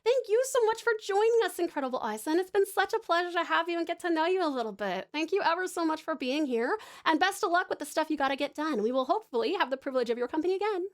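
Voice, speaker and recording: A woman's voice: very high-pitched, animated, fast, few pauses. An Australian woman streamer chatting with viewers while she draws, gushing and calling them hun and darling. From Tasmania, Australia. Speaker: live streamer. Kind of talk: casual live-stream chat while drawing.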